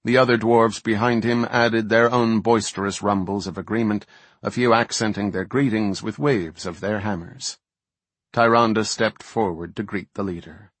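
Man narrating a fantasy book, low kinda husky voice, dry close mic. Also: steady tone, moderate pace, no room sound. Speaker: audiobook narrator.

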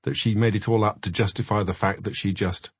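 A man's voice: fairly low pitch, fairly even intonation, fairly quick, breathy edge, dry recording. A man voicing a male lawyer in an audiobook, pressing with pointed questions. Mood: probing. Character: sharp male defence lawyer, probing.

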